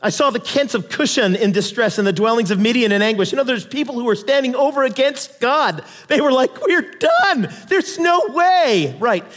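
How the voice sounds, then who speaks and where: A man preaching a sermon in an animated, conversational way with dramatic Bible readings. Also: extremely high pitch, brisk, hardly any pauses, long reverb tail.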